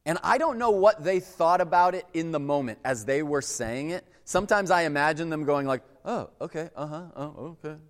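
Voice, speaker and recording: Conversational pastor in a reverberant hall. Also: male voice, a little high, expressive, brisk, few pauses. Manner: conversational, acts out quoted voices. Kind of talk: sermon.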